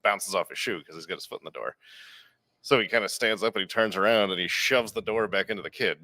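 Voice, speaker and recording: Podcast guy telling a bar story, lowish voice, acts out the lines, dead dry room. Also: quick pace, no echo. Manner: animated, acts out quotes with big jumps in pitch. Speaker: podcast co-host, bar worker. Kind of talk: casual storytelling.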